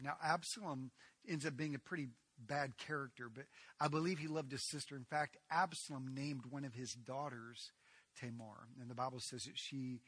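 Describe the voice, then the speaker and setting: A male pastor preaching a sermon, swinging dramatically from hushed to loud. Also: medium pitch, husky, no room sound.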